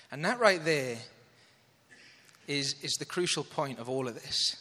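Male preacher, earnest and bright, slightly high voice, hall reverb. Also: animated, a little slow, pauses often. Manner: earnest, asks audience to follow along. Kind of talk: sermon.

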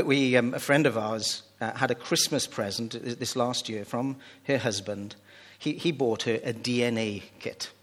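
A man preaching a sermon, reading scripture and telling jokey asides in a conversational way. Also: mid-range voice. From Wales. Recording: reverberant hall.

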